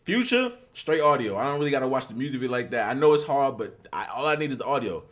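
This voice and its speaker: A young man hosting a reaction video, talking loudly and excitedly in casual slang. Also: medium pitch, quick pace. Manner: loud, excitable slangy talk.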